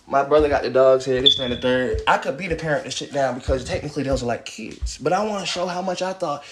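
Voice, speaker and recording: A man talks loosely through a home livestream, his voice sitting a little on the high side. He rambles and swears, and every so often he breaks off to holler at dogs out by the porch. Faint noise hums under the recording. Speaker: livestream host. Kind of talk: casual rambling livestream talk.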